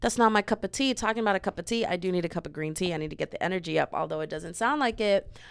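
A young woman from the States, hosting a podcast as a sassy, chatty comedic monologue with sudden loud outbursts. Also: fairly low pitch, rapid-fire, creaky, smooth. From Southern United States. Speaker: podcast host.

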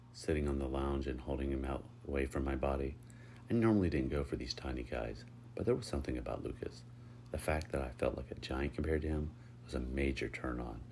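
A man reading a first-person story aloud in a steady, unhurried way. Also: very deep voice, slight background noise. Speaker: narrator.

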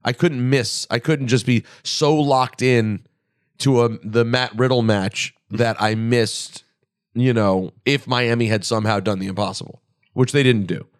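A man hosting a podcast in casual chat, joking and excitably teasing his co-hosts. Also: medium pitch, dry recording, studio quality. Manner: joking, excitable, quick to tease. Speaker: podcast host. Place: podcast studio.

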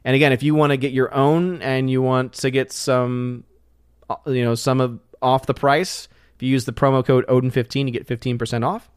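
A man's voice: medium pitch, flat delivery, fairly quick, clean tone, no echo, clean studio sound. A man hosting his channel, chatting casually and reading viewer comments on a live stream, loose and full of fillers and restarts. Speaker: channel host.

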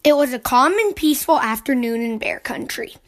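A woman with a high, youthful voice reads a children's picture book aloud. She keeps the telling clear and friendly, and lifts into excited voices for the young characters. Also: brisk. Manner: lively storybook reading with excited voices for the cubs.

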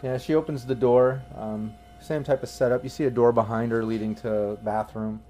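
A man running a tabletop role-playing game, describing scenes and calling for rolls. He talks in a casual, hesitant way with frequent fillers, at an ordinary pitch. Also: steady tone, normal speed, mellow, a little hiss or hum, poor audio. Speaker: game master.

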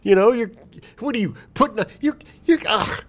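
A man co-hosting a podcast in casual chat, emphatic and quick to act out scenes. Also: high voice. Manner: animated, emphatic, acts out scenes. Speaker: podcast co-host.

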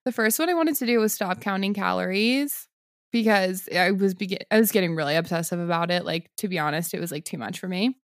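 A woman's voice: fairly low pitch, quick pace, no room sound, clean studio sound. A young woman co-hosting a podcast, chatting casually with a friend, giggling and using lots of fillers. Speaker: podcast co-host. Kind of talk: casual chat.

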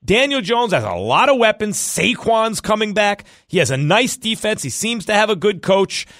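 A man hosting a sports radio show, talking football in a jokey, animated way. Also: no room sound, clean studio sound. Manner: animated, jokey, rapid swings in pitch.

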